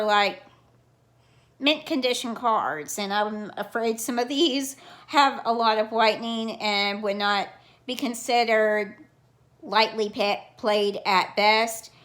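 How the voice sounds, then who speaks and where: A woman's voice: on the high side, a bit bright, reverberant. A woman hosting a card collecting vlog, chatting casually in a put-on cheesy Southern US accent and calling herself Auntie. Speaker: card collecting channel host.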